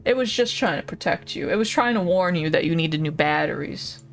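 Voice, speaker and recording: A woman's voice: on the low side, expressive, fairly quick. A woman streaming a game, chatting casually with viewers, laughing often and swearing freely. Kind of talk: casual live-stream chat. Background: faint background music.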